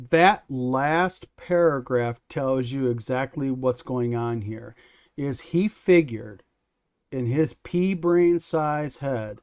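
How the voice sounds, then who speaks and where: A man's voice: mid-range voice, darkish tone. Blunt, emphatic male host. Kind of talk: casual livestream discussion.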